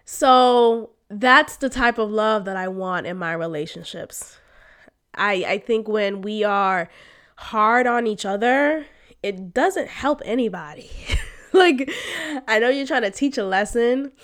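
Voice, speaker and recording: A woman hosting a podcast, telling a personal story in a frank, emotional way, with slang and sudden loud outbursts. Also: medium pitch, measured pace. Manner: emotional, animated, swings to loud exclamations; frank, uses slang and swearing. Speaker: podcast host.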